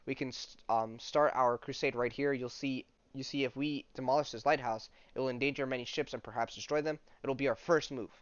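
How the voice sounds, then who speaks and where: A man's voice: mid-range voice, steady tone, brisk, few pauses, no room sound, natural voice. A man voicing a bold, scheming young undersea prince while reading a comic aloud in a plain voice. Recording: dry, dull lo-fi mic.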